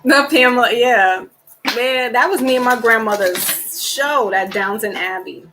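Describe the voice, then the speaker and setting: A woman's voice: a little high, unhurried, noisy background. A woman giving a casual tarot card reading, chatty and rambling as she talks straight to her viewers. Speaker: tarot reader.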